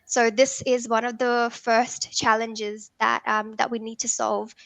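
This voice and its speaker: A woman talks through a technical workshop, pitched a touch high. She explains patiently and leans on frequent ums and uhs. The sound is close and dry. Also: little pitch movement, unhurried, gravelly, fairly bright tone, no room sound. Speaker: workshop presenter.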